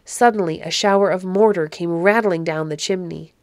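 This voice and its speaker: A woman hosting a podcast and reading an old storybook aloud in a measured, gently expressive way. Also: lowish voice, dry recording, clean studio sound. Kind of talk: storybook read-aloud narration.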